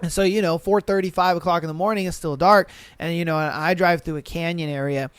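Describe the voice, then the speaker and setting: Young male podcaster from the western US: high, clean voice, dry close mic, loose profane storytelling. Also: steady tone, brisk, clear, resonant tone, dry recording. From western United States. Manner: loose and profane, acts out animals and drivers in shouted voices. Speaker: podcast host. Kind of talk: casual solo podcast chat, reading and reacting to stories.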